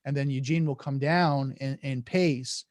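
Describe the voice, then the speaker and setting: A man's voice: medium pitch, fairly even intonation, measured pace, a little mellow, no room sound, clean studio sound. A man guesting on a podcast, explaining in an earnest, casual way and acting out sample dialogues, with many restarts. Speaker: podcast guest, negotiation coach.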